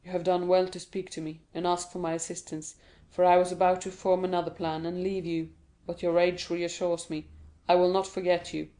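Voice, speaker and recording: A cautious older male prisoner speaks slowly and guardedly from behind a wall, voiced by a woman. His lines drop a little lower and softer than the narration. The tone is dark and mellow. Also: level tone, natural voice. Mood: measured.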